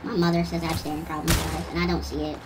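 A woman races through her lines in a deep, flat, natural-sounding voice as a grumpy pit bull puppy with a filthy mouth, griping and cursing while playing a shooter game. The background is noisy, and her voice sounds distant under heavy gunfire.

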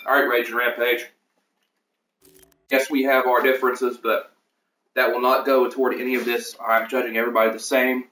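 A man's voice: mid-range voice, flat delivery, moderate pace, pauses often, bright, forceful tone, distant mic, a little hiss or hum. Chatty man, off-mic in an echoey room. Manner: chatty, rambling, with many fillers and self-corrections. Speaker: league host reviewing team depth charts. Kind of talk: casual livestream commentary.

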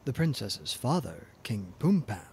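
A man narrating a fairy tale in a soft, gentle, expressive reading voice. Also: mid-range voice, unhurried, slightly rough. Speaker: storyteller.

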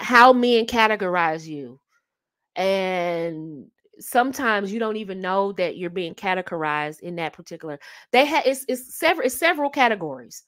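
A woman hosting a casual advice talk on dating, emphatic and fond of repeating her key phrases with rhetorical asides. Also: medium pitch. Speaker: host giving dating advice.

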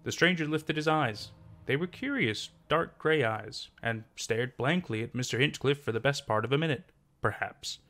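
A man narrating a classic short story in a measured storytelling manner. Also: medium pitch, bright, forceful tone. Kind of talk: scripted narration.

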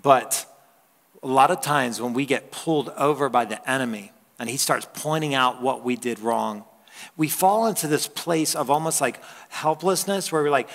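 A man's voice: medium pitch, normal speed, a bit bright. A male pastor preaching a conversational sermon, telling stories and laughing with the congregation. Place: church hall. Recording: long church hall reverb.

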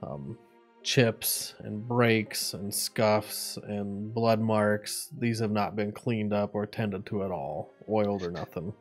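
A man's voice: lowish voice, fairly even intonation, slow pace, faint music behind. A man narrating a tabletop game as game master, describing scenes casually.

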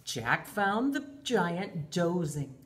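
Expressive sing-song woman teaching little kids. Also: fairly low pitch, extremely slow. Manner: expressive, sing-song, refers to herself in the third person. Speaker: preschool teacher. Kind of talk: storybook read-aloud and lesson for young children.

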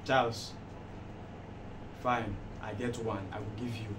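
Man as an advising friend, Nigerian accent, repeats himself, bright-ish lively pitch, echoey far-mic sound, loud background noise. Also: unhurried, lightly acted. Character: patient friend giving advice. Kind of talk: comedy skit acting.

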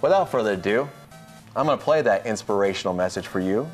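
Man, show host, excitable casual storyteller, faint music behind. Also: fairly low pitch, fast talker. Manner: excitable, acts out others' voices in his stories.

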